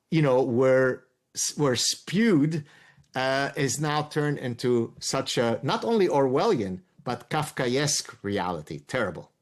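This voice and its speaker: A middle-aged man from Lebanon, a guest giving emphatic interview answers and explaining his points like a professor. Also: medium pitch.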